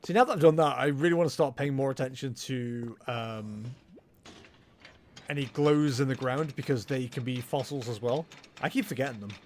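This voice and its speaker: A man's voice: medium pitch, normal speed, a little mellow, a little hiss or hum. A man chatting casually and rambling with self-mocking humor while livestreaming a game. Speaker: streamer. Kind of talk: casual gameplay livestream chat.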